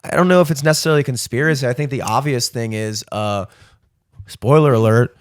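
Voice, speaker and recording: A man's voice: mid-range voice, quick pace, dry recording, studio quality. A man as a podcast guest in casual chat, ranting in a rambling, profane way.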